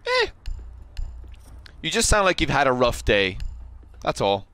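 A man's voice: mid-range voice, wildly swooping pitch, a little slow, sharp tone. A man hosting a gaming stream, talking casually with friends, crude and laughing often. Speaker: streamer and host.

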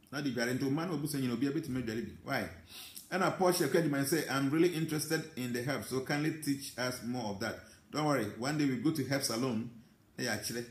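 In an echoey room, a Ghanaian man with an accent and a mid-range voice reads viewer comments aloud and answers them. He is a spiritual teacher giving an emphatic live talk, animated throughout and mixing English with Twi.

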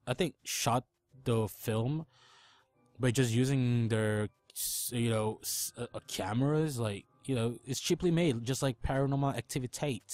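A man's voice: medium pitch, a little mellow, dry recording. Goofy rambling young man gaming. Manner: rambling, goofy, makes silly animal noises. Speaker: let's play gamer. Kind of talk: casual gameplay commentary.

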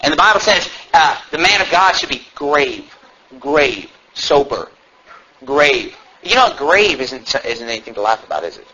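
A man preaching a sermon to his church, swinging from low asides to loud, fervent calls. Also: big pitch swings, moderate pace, husky. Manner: shouts and climbs high when fervent, mocking asides. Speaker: pastor. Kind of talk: fiery sermon. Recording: dull low-fidelity church recording, faint hiss.

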